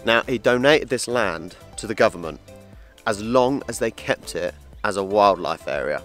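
Faint music plays behind an English travel vlogger as he walks an outdoor wildlife park and reptile house, bantering about the animals in casual commentary. His voice is on the low side and a bit bright, with lively intonation and a moderate pace.

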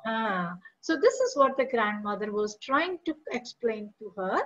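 An expressive woman teacher with an Indian English accent goes line by line through a school chapter in an online lesson, patiently mixing Hindi with English. Her voice is on the high side and fairly bright, at a normal pace, though the recording cuts off the highs.

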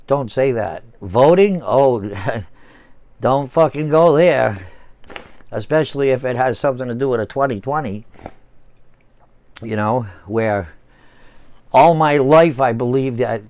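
Here a man in his sixties from the U.S. rants to camera as a channel host, cursing often, getting heatedly sarcastic and repeating himself. The voice is medium in pitch with a darkish tone, recorded dry.

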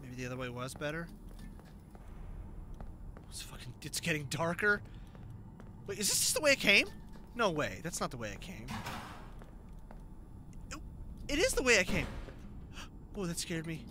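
A man's voice: a little high, sing-song, unhurried, pauses often, noisy background. A man giving profane, jumpy let's-play commentary on a horror game, talking to himself as he plays. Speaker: gaming video host. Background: game music.

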